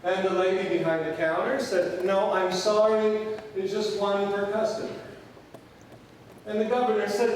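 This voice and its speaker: A male pastor preaching a sermon, telling stories and acting out the people in them, dropping quiet for key points. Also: sits high, flat delivery, moderate pace, slight background noise. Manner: acts out quoted voices, drops to quiet for key points. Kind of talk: sermon with storytelling. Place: large church sanctuary. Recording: echoey church hall from far off.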